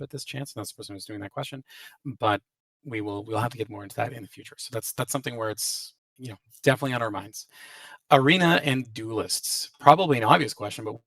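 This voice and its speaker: A man's voice: mid-range voice, gravelly, fairly bright tone, dry recording. A man hosting a casual Q&A as a game developer, hedging with many restarts and fillers, his audio glitchy and robotic. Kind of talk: casual live Q&A, reading out and answering questions. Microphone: voice chat call. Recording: dry, distant, robotic-sounding voice chat audio.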